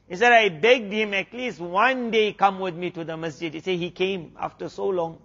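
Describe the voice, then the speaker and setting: South African male preacher telling a story, high voice, muffled recording. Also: steady tone, normal speed, fairly bright tone. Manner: retells a story with many quoted exchanges. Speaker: Islamic preacher. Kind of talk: storytelling sermon.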